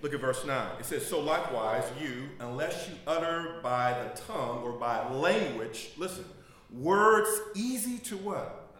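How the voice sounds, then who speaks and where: A man's voice: mid-range voice, expressive, normal speed, a bit bright. A man preaching a sermon. He jokes, laughs and asks the congregation to fill in the missing words. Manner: joking and laughing. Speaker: pastor. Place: church. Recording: very echoey room. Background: congregation responding.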